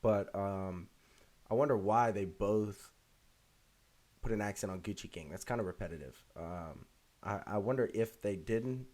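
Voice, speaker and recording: A man's voice: on the low side, measured pace, a little mellow. A man hosting a reaction video, chatting casually with lots of fillers and restarts. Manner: rambling, many fillers and restarts.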